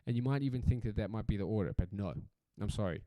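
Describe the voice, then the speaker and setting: A man's voice: lowish voice, fast, mellow, no echo. A South African man hosting a solo podcast in a casual, rambling rant, swearing freely and repeating himself for emphasis. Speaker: podcast host.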